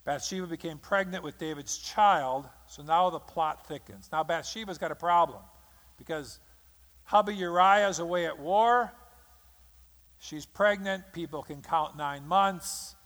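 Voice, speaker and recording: A man's voice: a little high, unhurried, a bit bright. A man preaching a sermon, telling a story dramatically and acting out the quotes of the people in it. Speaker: pastor. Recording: long hall reverb.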